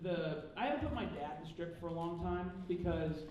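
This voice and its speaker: Brief: high-voiced male panelist, animated storyteller, distant and echoey in a big hall with a crowd behind him. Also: brisk, slight background noise. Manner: animated, acts out other people's lines in raised voices. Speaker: panel speaker. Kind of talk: storytelling to a live audience. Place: large convention hall. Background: audience laughter.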